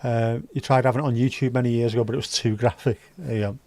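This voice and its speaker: A man's voice: medium pitch, steady tone, quick pace, a little mellow, no echo. A man hosting a casual livestream, chatting with viewers in sweary, joking banter. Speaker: livestream host reading chat. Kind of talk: casual chat.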